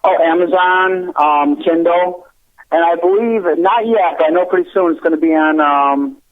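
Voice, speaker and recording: A man who writes children's books, talking earnestly as a radio guest with many halting restarts. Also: fairly high pitch. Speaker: children's book author, guest. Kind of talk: casual interview chat. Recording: tinny phone line.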